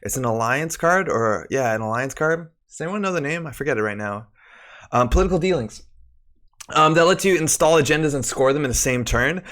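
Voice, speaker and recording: Chatty streamer, a bit out of breath. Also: male voice, fairly high pitch, expressive, a little fast, a bit bright. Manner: chatty, greets viewers by name. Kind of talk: live-stream chat about a card game. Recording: faint music behind.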